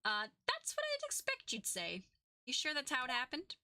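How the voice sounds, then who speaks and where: A woman's voice: high voice, wildly swooping pitch, moderate pace, noisy background, exaggerated voice. A woman voicing a cold, haughty young female prosecutor in a video game. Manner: haughty, curt.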